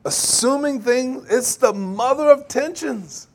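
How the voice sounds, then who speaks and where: A man preaching a sermon, animated, laughing often and acting out quoted voices. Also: very high voice, slow pace. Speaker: pastor.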